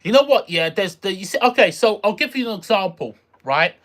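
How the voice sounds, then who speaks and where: An expressive, brisk streamer with a mid-range, fairly bright voice chats casually on a live stream. They ramble and repeat phrases, trail off looking for the right word, and react aloud to viewers' messages.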